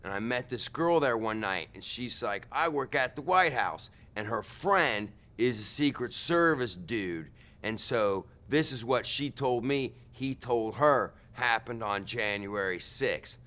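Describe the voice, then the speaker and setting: A young man playing a rambling witness in a comedy sketch, telling a wild story and shouting out the quotes. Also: mid-range voice, expressive, measured pace. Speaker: mock witness.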